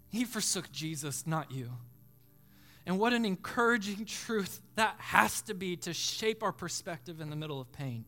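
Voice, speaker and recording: A man preaching a sermon as pastor, dropping to a hush and then swelling to loud cries. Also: high-pitched. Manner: preaching with dramatic swells from hushed to shouting.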